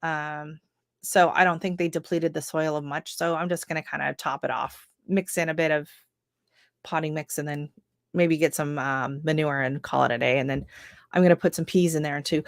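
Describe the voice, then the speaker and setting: A woman's voice: low-pitched, dry recording. Chatty Canadian woman, dry close sound. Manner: chatty, rambling, laughs often, filler-heavy. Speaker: gardening livestream host. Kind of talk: casual live-stream chat reading viewer comments.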